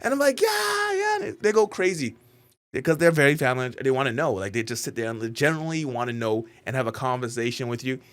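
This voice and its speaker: A man talking casually as a YouTuber in a reaction vlog, rambling and animated, with many "like"s. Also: mid-range voice, quick pace, clean tone. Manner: rambling, animated, heavy use of "like".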